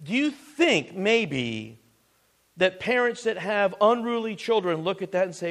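A man's voice: high-pitched, very animated, a little slow, fairly bright tone. A man preaching a sermon as pastor, earnest and full of restarts and asides.

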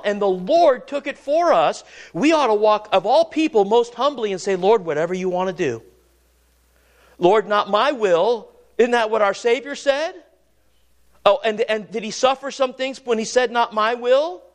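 High-voiced man preaching a sermon. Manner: earnest, repeats and restarts words, rises and drops pitch for emphasis.

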